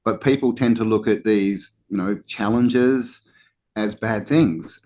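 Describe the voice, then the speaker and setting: A man's voice: medium pitch, normal speed, darkish tone. A man co-hosting a podcast, talking casually and animatedly, often restarting with "you know" and acting out mock complaints. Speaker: podcast co-host. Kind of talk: casual conversational talk.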